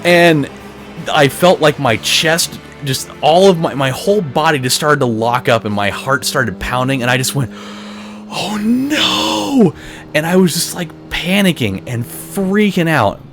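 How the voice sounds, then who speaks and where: A man's voice: medium pitch, animated, unhurried, fairly bright tone. Let's play host, man, middle voice, rambling, swears, faint music behind. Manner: rambling, many restarts, swears freely. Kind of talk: casual gameplay commentary, telling a dream.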